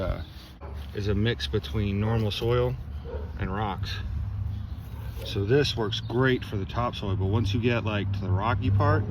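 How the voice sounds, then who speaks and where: A young man from Maine talking casually to camera while metal detecting outdoors, rambling and restarting his sentences. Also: on the low side. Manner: rambling, chatty, halting restarts. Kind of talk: casual outdoor vlog narration. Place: outdoors in a cold field. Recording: outdoor wind and ambient noise.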